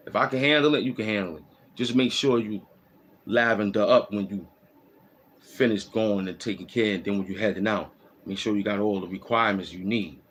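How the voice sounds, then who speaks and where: A man's voice: lowish voice, brisk, fairly bright tone, a little hiss or hum. A man hosting a casual walking vlog, giving loose, repetitive, slangy street advice. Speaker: host. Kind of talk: rambling streetwise monologue. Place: outdoors in the cold.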